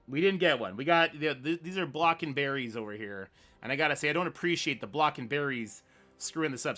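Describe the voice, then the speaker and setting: A man streaming live gameplay, talking through his moves and ranting loudly at the game when it goes wrong. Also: a little high. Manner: excitable, swearing rants at the game; mutters strategy half to himself.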